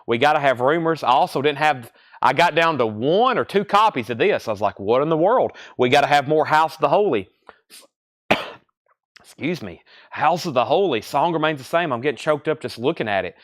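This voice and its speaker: A young man hosting a live record sale stream, briskly calling out titles and prices, repeating them, with chatty asides to viewers. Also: on the high side, animated, fairly bright tone, no echo, studio quality. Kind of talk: live sales patter.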